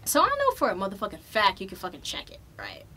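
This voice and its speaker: Young woman, podcast host, casual storytelling, swears a lot, animated, mid-pitched voice. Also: fast talker, heavy background noise. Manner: profane, animated, loose and chatty.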